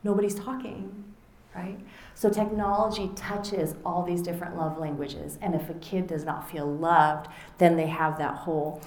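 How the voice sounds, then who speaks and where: A middle-aged woman author giving a conversational talk to an audience, animated and acting out little quoted exchanges. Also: fairly low pitch, normal speed, a little hiss or hum. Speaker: author and speaker. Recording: roomy echo.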